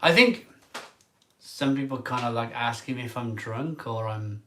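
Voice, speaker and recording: A man in an emotional vlog monologue as a craft beer reviewer. He sounds tearful and halting, and often trails off mid-sentence. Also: mid-range voice, fairly even intonation, a bit bright, a little hiss or hum.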